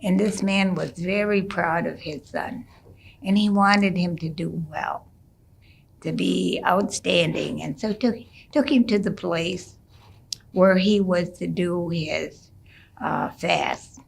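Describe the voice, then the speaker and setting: Middle-aged woman telling an old story real slow, gravelly voice, lots of little pauses and restarts. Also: fairly low pitch. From United States. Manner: unhurried, with gentle hesitations and restarts. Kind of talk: traditional storytelling, told casually.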